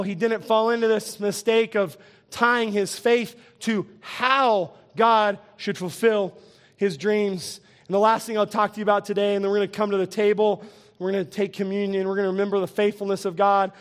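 Very high-voiced man preaching a lively sermon. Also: normal speed, smooth. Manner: lively, quizzes the congregation, chuckles often. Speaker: pastor.

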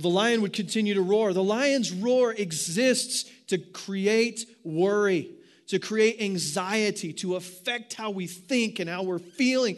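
High-voiced man preaching a lively sermon. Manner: animated preaching with rhetorical questions. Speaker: pastor.

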